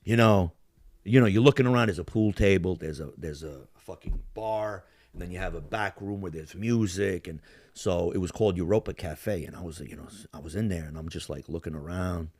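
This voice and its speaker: Profane male podcast host who tells animated bar stories in a casual chat. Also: sits low, a little fast. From Yugoslav family roots. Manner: profane, animated storyteller acting out bar scenes.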